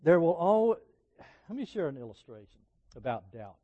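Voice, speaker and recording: A middle-aged man preaching a sermon, telling personal stories in a conversational way that swings from emphatic peaks to quiet asides. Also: on the high side, big pitch swings, moderate pace, muffled recording.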